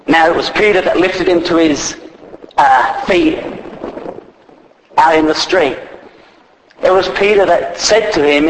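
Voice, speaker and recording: Man, preacher, conversational sermon, somewhat high voice, echoey recording. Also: a little slow, pauses often. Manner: retells scripture in plain conversational speech, with frequent fillers. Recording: echoey, faint background noise.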